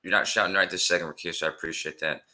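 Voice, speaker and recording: Fast, bright-voiced exasperated moderator man. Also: low voice, fairly even intonation. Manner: exasperated, keeps telling others to stop, swears. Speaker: chat moderator. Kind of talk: heated live voice-chat argument.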